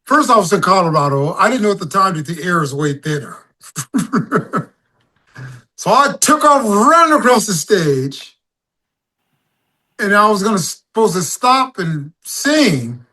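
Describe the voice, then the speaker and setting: A man's voice: sits high, a little slow, long pauses. A man, a singer-songwriter guest, telling stories casually in an interview and acting out his own stage calls. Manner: animated storyteller, acts out crowd calls.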